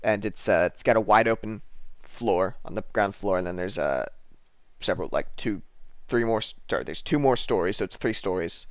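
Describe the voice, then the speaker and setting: A man narrating as game master of a tabletop game, halting and full of fillers. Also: lowish voice, dry recording, lo-fi sound.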